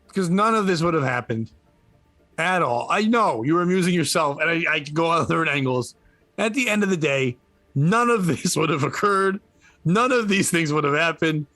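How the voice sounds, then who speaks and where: A man co-hosting a podcast who talks in a casual, blunt way and likes to tease the other host. His voice sits a bit higher than most men's, and the sound is dry and close, with no room echo. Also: lively intonation, normal speed, bright, forceful tone, faint music behind. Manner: blunt, teasing.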